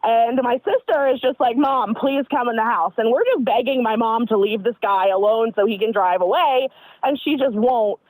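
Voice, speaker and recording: A woman's voice: on the high side, normal speed, dry recording, rough recording. A woman calling into a comedy show, telling a story and acting out what others said. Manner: animated, acts out what others said. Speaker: caller. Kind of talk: casual storytelling.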